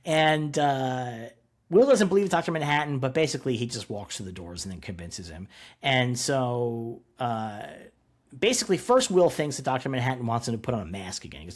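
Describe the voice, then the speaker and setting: Husky-voiced man recapping casually. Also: mid-range voice, lively intonation, fairly quick. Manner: rambling retelling with quoted dialogue, swears freely. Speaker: podcast co-host.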